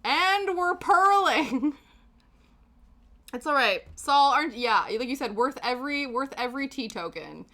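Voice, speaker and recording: Bright, lively Canadian streamer woman. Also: a little high, brisk, hardly any pauses. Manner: chatty, self-mocking, laughs often. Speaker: livestream host. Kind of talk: casual chat while knitting.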